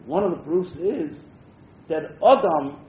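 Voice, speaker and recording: A man's voice: fairly high pitch, expressive, slow pace. A man teaching a Torah class, reading Hebrew verses aloud and translating them, with frequent hesitant fillers between phrases. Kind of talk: text-based Torah class. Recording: muffled roomy classroom recording.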